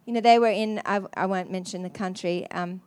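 A woman preacher telling a story in an earnest, halting way, with many restarts. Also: medium pitch, fairly even intonation, a little mellow, clear, resonant tone. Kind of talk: sermon storytelling.

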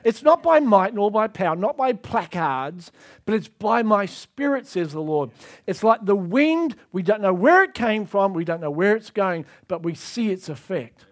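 A man's voice: high-pitched, animated, normal speed. A man preaching a sermon with emphatic, repetitive delivery.

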